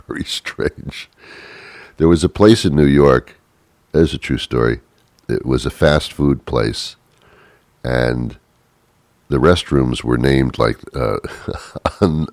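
A man's voice: a bass voice, a little mellow, no echo. A man telling rambling comic stories in a wry, hesitant way, full of filler words.

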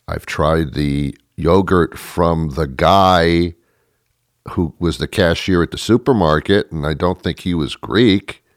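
A man's voice: low-pitched, no room sound, studio quality. A man giving a rambling, sarcastic comedic rant to the camera, stammering through restarts.

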